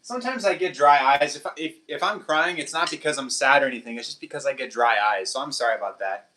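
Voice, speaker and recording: Bright-voiced man chatting on a livestream. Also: medium pitch, quick pace, slight background noise. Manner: chatty, laughs often, switches between English and Portuguese. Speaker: livestream host. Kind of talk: casual chat with live chat.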